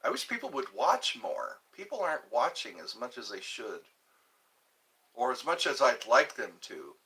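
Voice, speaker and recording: A man's voice: medium pitch, big pitch swings, moderate pace, bright, forceful tone. A man hosting his own live stream, rambling and joking between topics, greeting viewers and now and then breaking into mock cries.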